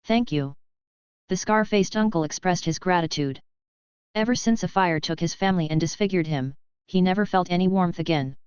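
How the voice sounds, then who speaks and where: Low, smooth woman narrating a novel. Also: a little fast, a little mellow, no echo, muffled recording. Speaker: audiobook narrator.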